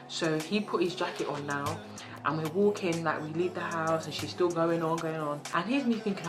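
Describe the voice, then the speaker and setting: A young woman, telling a dramatic storytime in an animated, laughing way. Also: sits low, moderate pace. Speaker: vlogger. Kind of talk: storytime vlog. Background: background music.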